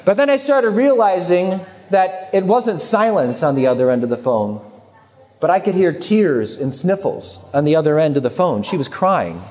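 A middle-aged man telling a story and speaking to a young audience in a faith talk, lively in how he voices the people in it. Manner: animated storytelling, raising pitch when quoting others.

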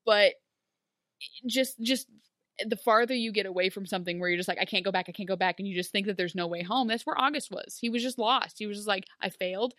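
An animated woman retells a TV episode in casual chat, acting out the characters' lines with plenty of feeling. Her voice is bright and forceful. The sound is dry and close, with no room around it. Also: medium pitch, fast talker, no room sound. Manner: emotional, gushing. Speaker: podcast co-host.

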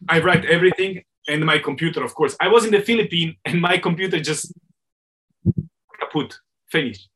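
A man's voice: fairly high pitch, moderate pace, fairly bright tone. A middle-aged man, a swim coach, talking candidly and animatedly in an interview, correcting himself as he speaks English as a second language.

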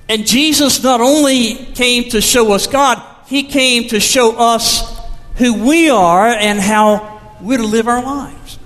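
A man delivers a sermon in a high voice and a slow, deliberate pace. He tells his stories in a measured preacher's manner. His words ring out with a long reverb in the church sanctuary. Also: a bit bright. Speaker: pastor.

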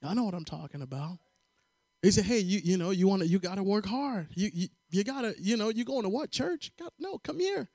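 Animated high-voiced male preacher. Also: quick pace, no room sound, clean studio sound. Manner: animated storytelling, acts out voices, call-and-response amens. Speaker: pastor. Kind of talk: sermon with personal story.

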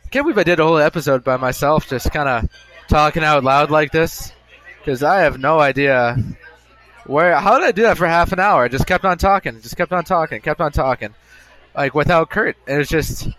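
A man's voice: on the high side, a bit bright. A man hosting a casual podcast, rambling and amusing himself while he tells a long story on his own. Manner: chatty, self-amused, repetitive storytelling. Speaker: podcast host. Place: bar.

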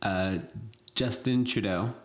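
Low-voiced woman chatting casually. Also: slow pace. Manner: chatty, rambling, laughs easily. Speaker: podcast co-host. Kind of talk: casual chat.

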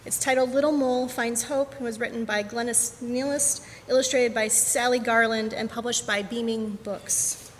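A woman reading a picture book aloud to children at a worship service, gentle and unhurried. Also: fairly high pitch, steady tone. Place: church sanctuary. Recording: echoey sanctuary, faint hum.

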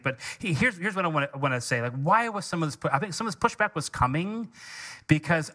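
A man preaching a sermon as pastor, reading scripture slowly with stress on each phrase and leading the congregation in call-and-response. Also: a little high, sharp tone. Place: church sanctuary.

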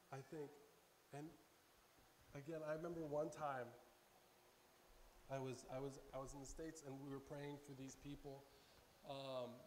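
A man preaching in a casual, storytelling way, earnest and excitable, often laughing as he talks. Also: fairly high pitch, a little hiss or hum, rough recording.

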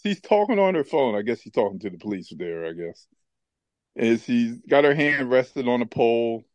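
An animated storytelling podcast host. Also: male voice, medium pitch, normal speed, no echo. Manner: animated storyteller who laughs often. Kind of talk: casual chat and storytelling.

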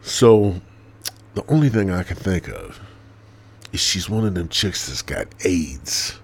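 A man hosting a podcast, rambling crudely and swearing a lot, dropping to mutters and jumping into loud mock voices. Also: sits low, animated, unhurried, creaky, a little hiss or hum. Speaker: podcast host.

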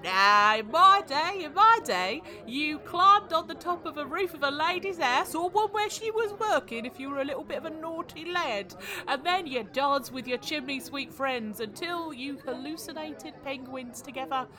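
A woman's voice: high voice, animated, moderate pace, a crowd in the background. A woman voicing a boastful old male actor with a put-on mock Cockney accent, brash and swaggering.

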